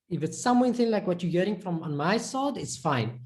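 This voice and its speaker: Lady teacher in a live class, kinda low voice but super animated, keeps repeating sounds for practice. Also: brisk, hardly any pauses. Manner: encouraging, repeats sounds to demonstrate. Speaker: Arabic pronunciation teacher. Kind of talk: live online class instruction.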